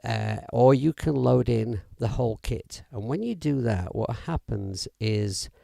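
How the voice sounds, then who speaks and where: A man's voice: mid-range voice, animated, a little slow, creaky, dark tone, no echo, clean studio sound. A middle-aged man, casually demoing music apps on a live stream, chatty and rambling with fillers and self-corrections. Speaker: music app demo livestreamer. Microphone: audio interface mic.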